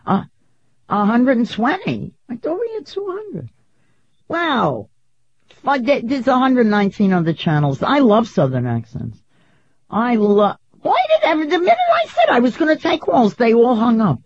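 A woman in her sixties with a New York accent, hosting a radio talk show in a brash, incredulous, quick-tongued manner. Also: on the high side, huge pitch swings, darkish tone, husky. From Queens, New York. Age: 60s. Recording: dull radio broadcast audio.

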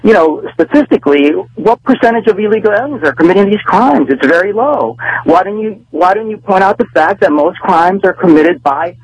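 Male radio caller, high husky voice, agitated and stammering, lively pitch. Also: a little fast, hardly any pauses, no room sound, poor audio. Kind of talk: heated call-in argument.

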